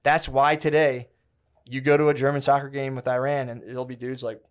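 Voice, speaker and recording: A man's voice: mid-range voice, little pitch movement, a little fast, clear, resonant tone. A man in his thirties co-hosting a casual podcast, telling a long history story with slang, swearing and many restarts. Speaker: podcast co-host.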